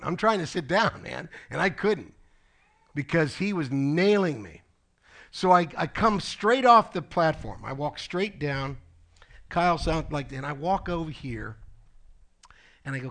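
Conversational preacher man, fairly high voice. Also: animated, moderate pace, fairly bright tone. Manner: storytelling preacher, conversational asides like "okay?" and "folks". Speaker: pastor. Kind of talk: sermon.

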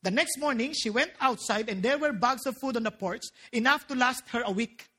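Bright, high-voiced woman preaching. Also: brisk, slightly rough. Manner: animated and joking, mixing in local phrases. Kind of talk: sermon.

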